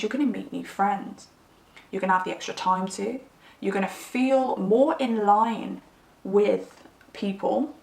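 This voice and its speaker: A young woman giving a casual tarot reading to camera, rambling and animated as she tells stories. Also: medium pitch, vocal fry. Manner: chatty, rambling, animated storytelling. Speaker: tarot reader. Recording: roomy, slightly distant mic.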